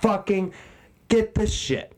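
A man's voice: high-pitched, slow pace. A man telling a long, profane story as a podcast co-host, ranting and swearing constantly.

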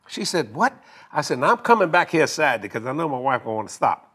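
An older man casually telling a long story, animated and laughing as he acts out both sides of a conversation. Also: medium pitch, fast, slightly rough. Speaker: guest telling a marriage story.

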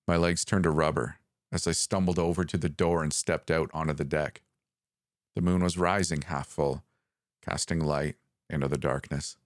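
A man with a very deep, low voice reads a first-person horror story. His delivery is calm and measured, and the recording is dry and close, with no room sound. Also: dry recording.

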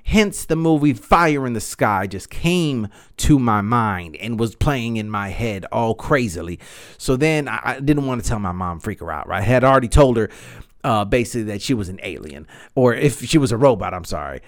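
Male podcast host, 30s, medium pitch, loose swearing storyteller. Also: moderate pace. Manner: rambling, animated, swears freely, says "man" and "you know" a lot. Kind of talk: casual storytelling monologue.

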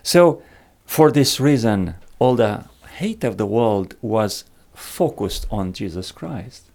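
A man talking slowly and reflectively about a Bible passage, pausing often with fillers. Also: on the low side, lively intonation, gravelly, a little mellow. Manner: slow and reflective, many pauses and fillers. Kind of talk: Bible study discussion.

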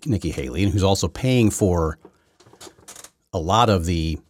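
A man's voice: deep voice, measured pace, darkish tone. A man hosting his own political talk show, delivering an opinionated, rambling monologue full of restarts. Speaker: podcast host.

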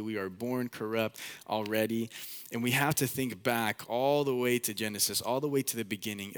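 A young man preaching a sermon as the pastor, in a casual, animated way, acting out quotes. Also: mid-range voice.

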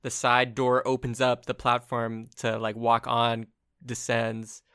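Relaxed man narrating as game master. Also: medium pitch, slow pace, clear, resonant tone, no room sound, studio quality. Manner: relaxed, loose narration with fillers.

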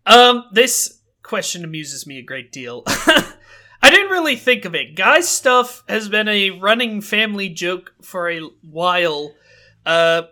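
Bright-voiced, chatty young man. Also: high voice, very animated, a little slow. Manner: chatty, self-amused, laughs often. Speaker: podcast co-host. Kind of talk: casual chat.

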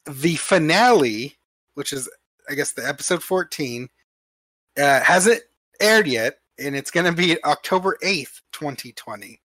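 A man with a somewhat high voice chats quickly and loosely as a podcast co-host, swearing casually and restarting his sentences. The recording is close and dry. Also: expressive, bright, forceful tone, no echo. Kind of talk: casual chat.

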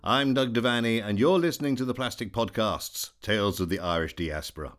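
A man's voice: lowish voice, brisk, fairly bright tone, faint music behind. A man hosting a podcast, reading a scripted introduction with a playful, wry delivery. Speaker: podcast host.

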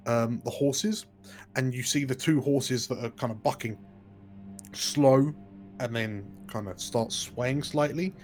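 A man narrates a tabletop adventure as game master, in a loose style full of fillers and restarts. His voice is mid-pitched and plain, with faint music underneath. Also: slow pace, darkish tone.

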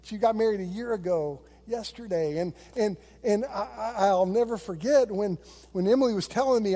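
A middle-aged man preaches a sermon as a pastor, weaving stories into it in an easygoing, conversational way. His voice sits high for a man yet sounds warm and mellow. A long reverb trails behind him in a large hall. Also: moderate pace.

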